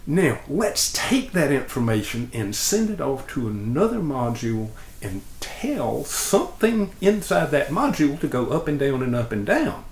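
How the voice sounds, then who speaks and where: A man's voice: mid-range voice, normal speed, few pauses, roomy sound. A man explaining ideas step by step in a demonstration lesson, in a patient, plain way. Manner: patient, plain explanations with lively ups and downs. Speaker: instructor.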